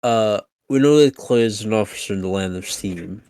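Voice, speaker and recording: A man's voice: on the low side, normal speed, warm tone. A man playing a tabletop game, casual and cursing freely. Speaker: player.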